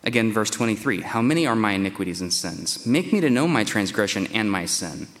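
A man's voice: lowish voice, expressive, fairly quick, fairly bright tone. A man preaching through scripture, reading verses and acting out the speaker's pleas in a raised, dramatic voice. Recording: long hall reverb.

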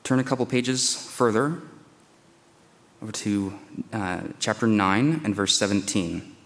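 Guy preaching a sermon, kinda low voice, long echo from the hall, acts out the verses. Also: unhurried, a bit bright. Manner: paraphrases verses in dramatic quoted voices. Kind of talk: sermon reading scripture.

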